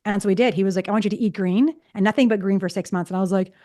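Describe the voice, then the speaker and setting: Fast-talking woman in her fifties. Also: mid-range voice, mellow. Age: 50s. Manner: chatty, acts out past conversations. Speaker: psychologist guest. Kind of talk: casual storytelling interview.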